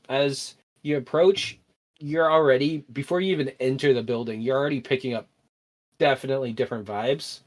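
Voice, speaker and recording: A man narrating a tabletop role-playing game as game master, rambling with many fillers. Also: medium pitch.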